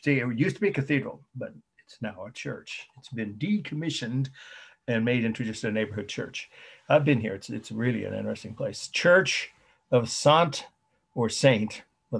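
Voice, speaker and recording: A man lecturing on art history over a video call, slowly spelling out terms and repeating key points. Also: mid-range voice, gravelly, slightly rough. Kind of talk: online lecture.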